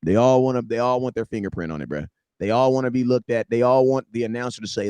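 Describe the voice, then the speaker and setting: A man's voice: medium pitch, fast talker, a little mellow, smooth, dry recording. A man co-hosting a podcast, making emphatic, repetitive points in casual sports talk. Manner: emphatic, repeating points for effect. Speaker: podcast co-host.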